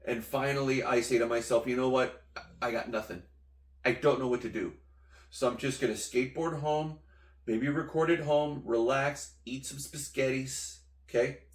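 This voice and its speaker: A man's voice: medium pitch, fairly even intonation, normal speed. A man hosting a podcast, telling a story in a playful, jokey way and acting out voices and sound effects. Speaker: podcast host. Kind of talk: casual storytelling monologue. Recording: echoey room.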